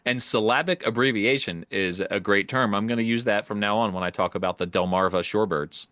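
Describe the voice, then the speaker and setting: A man's voice: lowish voice, a little fast, a bit bright, no room sound. A man from Pennsylvania co-hosting a podcast, answering trivia playfully and reasoning aloud. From Pennsylvania, USA. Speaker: podcast co-host. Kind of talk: casual chat.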